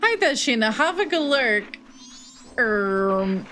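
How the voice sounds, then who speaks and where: A woman's voice: a little high, sing-song, slow pace, a bit bright, soft background music. A woman from Texas streaming a game, chatting casually and swearing freely as she reacts. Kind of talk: casual gaming livestream chat.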